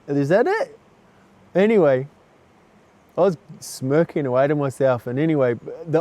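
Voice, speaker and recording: Mellow-voiced man telling a candid story. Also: mid-range voice. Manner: chatty, earnest, says "mate" and "man" often. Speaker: vlogger.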